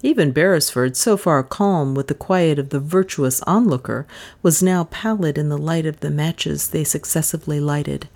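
A woman's voice: deep voice, normal speed, darkish tone. A woman narrating an audiobook with dramatic, suspenseful expression.

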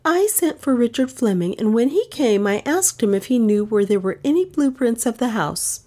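A woman's voice: animated, moderate pace, darkish tone. A woman doing a frightened young woman under questioning. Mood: tense. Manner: tense, high and breaking.

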